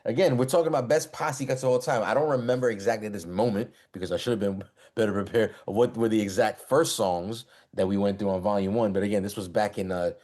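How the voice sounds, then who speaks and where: A man hosting a live-streamed talk show, hyping it up and shouting out his guests. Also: fairly low pitch. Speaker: host. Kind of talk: hype podcast hosting. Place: online live-stream call.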